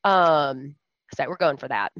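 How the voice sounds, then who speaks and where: A woman's voice: low voice, lively intonation, a little slow, fairly bright tone, dry recording. A woman co-hosting a podcast, chatting casually and teasing her co-host. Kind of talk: casual chat. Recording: dull lo-fi sound.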